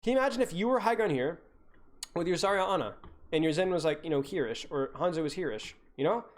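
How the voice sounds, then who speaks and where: A woman's voice: fairly low pitch, animated, fast. A young woman coaching over a live-streamed gameplay review, ranting and exasperated, hammering her points home by repeating them.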